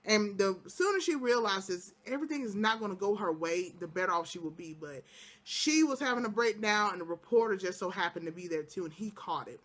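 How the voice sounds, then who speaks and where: Animated woman recapping a TV episode. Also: medium pitch, fairly quick. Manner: lively storytelling, acting out characters' quotes; breaks into laughter and exclamations. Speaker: TV show recap vlogger.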